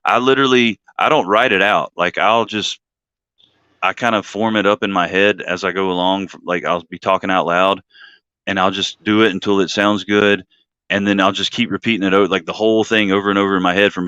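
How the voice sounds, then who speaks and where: A man hosts a casual live-stream chat in a bright, forceful voice that sits slightly low. He rambles, drifts off topic, laughs at himself often, and sounds close and dry. The stream audio is dull and lo-fi. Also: steady tone, brisk, clean tone, no echo. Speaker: host.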